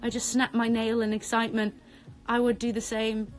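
A young woman, chatting excitedly on a live stream from her bedroom, breathless and repeating herself. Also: a little high, normal speed. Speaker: social media creator on a live stream. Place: bedroom at home.

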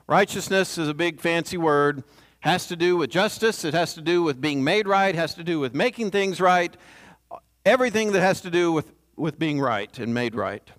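Conversational, fairly high-voiced male preacher. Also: moderate pace, fairly bright tone. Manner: conversational, asks the congregation "right?". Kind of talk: sermon.

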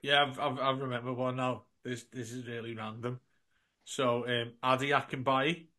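A man co-hosting a football podcast, telling animated anecdotes, acting out the dialogue and calling everyone mate. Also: mid-range voice, normal speed. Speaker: podcast co-host. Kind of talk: casual storytelling.

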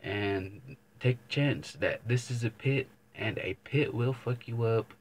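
A man's voice: mid-range voice, unhurried. Young man telling a rambling profane story. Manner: rambling, profane, keeps saying "but anyways". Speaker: vlogger. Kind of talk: casual storytelling to camera.

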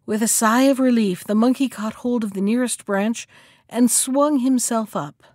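Library storyteller, woman, fairly high voice, measured read-aloud narration. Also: darkish tone, no echo, clean studio sound.

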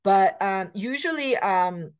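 Expressive and slow-paced, this medium-pitched middle-aged woman teaches language in a recorded lecture. She explains grammar patterns with frequent fillers and self-corrections, pausing to read example words aloud and switching between English and Korean.

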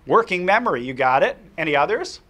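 A male presenter tells a lively story to a workshop audience and then questions the room. His voice sits a little high and bright, and his speech is animated, with plenty of ums and restarts. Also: fast. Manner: animated, anecdotal, frequent fillers and restarts.

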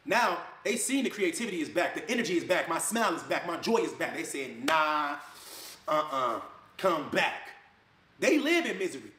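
Man ranting real fast, loud jabs then low mutters, kinda high voice. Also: very animated. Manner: fired up, swings between loud jabs and low mutters, mocks others' voices. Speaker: online video creator. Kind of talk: heated rant to camera. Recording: echoey room.

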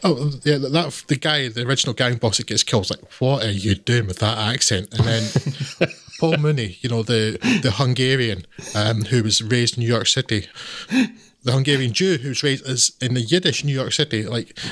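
Male podcast reviewer, mid-pitch, blunt and scathing, dry close sound. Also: fast, fairly bright tone, no room sound. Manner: blunt and scathing, laughs often. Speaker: podcast co-host, film reviewer. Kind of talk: casual podcast film review.

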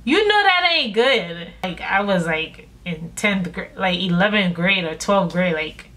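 A woman's voice: on the low side, unhurried. A young woman vlogger casually telling a storytime, acting out her own and her mother's lines. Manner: animated storyteller acting out quotes.

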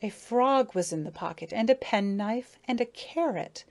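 A woman voicing a grieving, self-important female dragonfly who tells her tale slowly, mournfully and dramatically. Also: on the high side, expressive. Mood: grave dramatic. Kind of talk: audiobook character reading.

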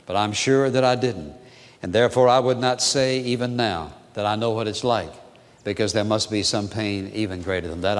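Earnest pastor preaching in a reverberant hall. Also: male voice. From United States. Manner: slow, earnest and deliberate, with repeated phrases and soft, low drops on key words. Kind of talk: sermon. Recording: long reverb from a large hall.

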